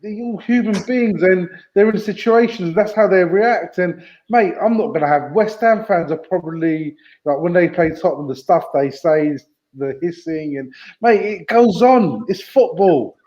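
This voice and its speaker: A man's voice: high-pitched, normal speed, darkish tone, lo-fi sound. A man, co-hosting a football chat, blunt and sweary, calling everyone mate. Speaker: podcast co-host. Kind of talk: casual football debate.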